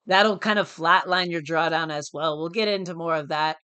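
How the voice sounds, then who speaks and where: A day trader from the United States runs a live stream full of casual slang and repeated phrases, addressing people as dude and bro. His fairly high voice is bright, smooth and steady, moving at normal speed. The recording is dry and close.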